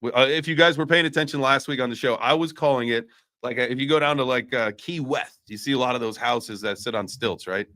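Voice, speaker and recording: A man's voice: medium pitch, quick pace, sharp tone. A man hosting a casual live-stream chat, hyping up his audience and joking around while swearing freely. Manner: hype, playful, swears casually. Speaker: host.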